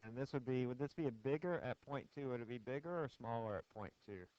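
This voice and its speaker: In a lecture hall, a man delivers a physics lecture, quizzing the class in a chatty, joking manner. His voice is medium-pitched, fast, and a little mellow, heard through dull, dry, lo-fi classroom screencast audio.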